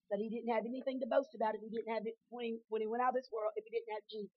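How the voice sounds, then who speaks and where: Lady preacher w a high voice, goes quiet then shouts, dry muffled recording. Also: fairly even intonation, racing, hardly any pauses, no room sound. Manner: storytelling that swings from hushed to shouting. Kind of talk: sermon.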